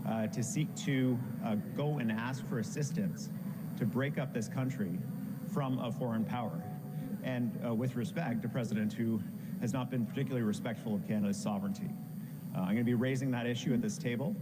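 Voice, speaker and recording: A man giving formal public remarks as a politician, earnest and measured, with frequent uh fillers. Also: mid-range voice. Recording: reverberant hall with loud background noise.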